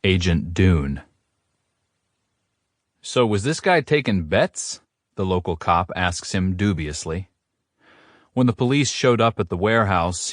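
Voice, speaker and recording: A man narrating a romance audiobook in a steady, first-person storytelling manner. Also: low-pitched, no echo, clean studio sound.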